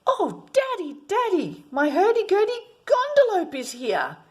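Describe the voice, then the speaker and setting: A woman voicing an excited little boy in a read-aloud storybook, with an eager, gushing manner. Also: medium pitch, slow pace, breathy edge, full character voice. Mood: delighted.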